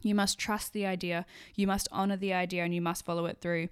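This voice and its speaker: A woman's voice: lowish voice, brisk, clear, resonant tone. A woman hosting a solo podcast, talking bluntly and swearing freely, acting out little quoted voices as she goes. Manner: blunt and sweary, lots of profanity; animated, acts out quoted voices. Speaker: podcast host. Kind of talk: casual solo podcast monologue.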